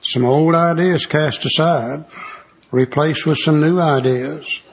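A man's voice: on the high side, fairly even intonation, takes it slowly, breathy edge. An older man who earnestly explains a recovery book, reading lines from it and circling back to the same refrains. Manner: earnest, repeats refrains, reads text aloud. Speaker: recovery speaker. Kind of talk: teaching talk on a recovery book.

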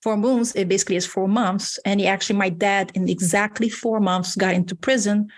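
A woman, a health coach and interview guest, telling a personal story in a casual, animated way with restarts. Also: medium pitch, fairly quick. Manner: animated, acts out quoted dialogue, frequent restarts.

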